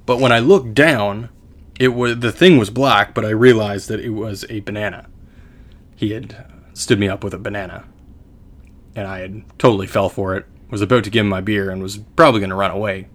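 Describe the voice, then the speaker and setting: A young Canadian man spins a casual podcast story, stumbling over restarts and poking fun at himself. His voice sits a little low, and he talks like a co-host chatting with a friend. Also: fairly even intonation, moderate pace. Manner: rambling, self-deprecating, with many restarts.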